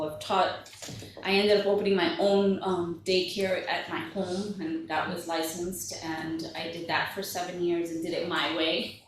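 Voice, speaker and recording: A woman's voice: mid-range voice, slight background noise. Woman, forties, parenting coach, open and conversational talk, live room with heavy echo, mic at a distance. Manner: candid, conversational, emotional at moments. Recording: echoey room, mic from afar.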